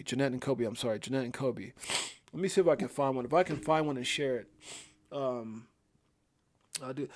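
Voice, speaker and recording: A man in mourning hosts a casual livestream, speaking at a middling pitch. He talks haltingly, with many fillers and restarts, and reads viewer comments aloud between his own thoughts. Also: a little mellow. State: grieving. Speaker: livestream host.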